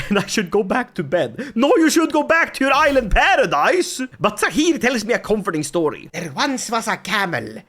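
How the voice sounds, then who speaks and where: A man giving joking, excitable commentary on a strategy game, often laughing. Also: very high-pitched, normal speed. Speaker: gaming YouTuber. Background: faint music.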